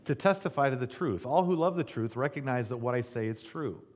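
A man voicing a calm, solemn male teacher on trial, reading his replies in a measured way. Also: medium pitch, natural voice.

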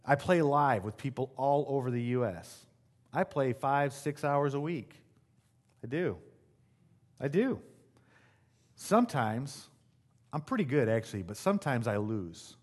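A man's voice: medium pitch, animated, a little slow, pauses often. Conversational, emphatic male pastor preaching. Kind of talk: sermon.

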